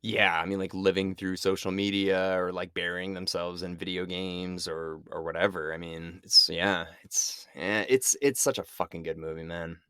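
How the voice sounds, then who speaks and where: A man co-hosting a podcast, talking about films in a relaxed way, swearing and saying "dude". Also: sits low, moderate pace, hardly any pauses, clear, resonant tone, dry recording, studio quality. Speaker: podcast co-host. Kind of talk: casual film chat.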